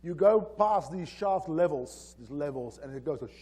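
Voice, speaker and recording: Animated storytelling man at a conference. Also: a little high, moderate pace, a little hiss or hum. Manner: animated, acts out dialogue. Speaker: conference keynote speaker. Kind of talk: storytelling presentation. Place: conference hall.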